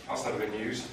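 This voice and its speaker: A man in his thirties giving casual, deadpan travel-show commentary, grumbling and complaining as he goes. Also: medium pitch, heavy background noise. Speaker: travelling presenter.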